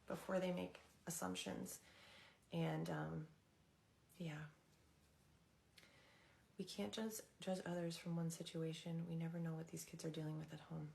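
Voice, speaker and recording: A young woman casually telling stories to her live chat in a rambling, halting way, with many fillers, stopping to greet viewers by name. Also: sits low, steady tone, creaky, darkish tone. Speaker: livestreamer and former teaching assistant.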